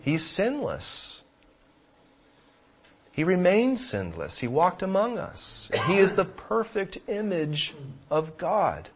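A man preaching a sermon, emphatic, swinging between loud passages and hushed ones, on a dull lo-fi recording. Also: high voice, big pitch swings, slow. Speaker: pastor.

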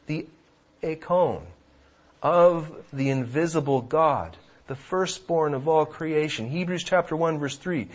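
Male pastor, sermon, slow deliberate delivery, slightly high voice, emphatic loud-to-hushed swings, muffled recording. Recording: dull lo-fi recording.

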